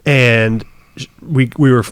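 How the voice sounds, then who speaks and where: A man hosting a casual podcast chat, telling stories in a quick, rambling way. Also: mid-range voice, fairly even intonation, clean tone. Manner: chatty storyteller, quick and rambling. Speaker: podcast host.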